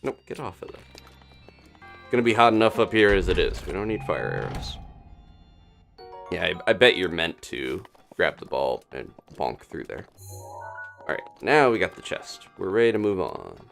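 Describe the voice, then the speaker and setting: Man, low voice, lively swings in pitch, chatty live-stream game commentary, faint music behind. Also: gravelly. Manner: chatty, thinking aloud, quick little laughs. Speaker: gaming streamer.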